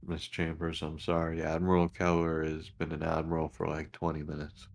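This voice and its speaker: A man playing a station commander in a tabletop role-play, talking haltingly with many restarts. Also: a bass voice, monotone. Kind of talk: tabletop role-play, in character and narrating actions.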